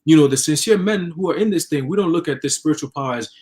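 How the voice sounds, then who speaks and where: Fast-talking man in animated religious chat. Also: fairly high pitch. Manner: animated storytelling, acting out imagined people. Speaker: religious discussion participant.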